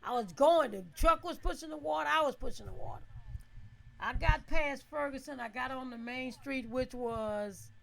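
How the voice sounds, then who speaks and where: High-pitched, lively woman telling a story. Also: moderate pace, creaky. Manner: animated, laughs often, asks listeners "right?"; acts out her own shouts and quotes. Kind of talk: casual storytelling.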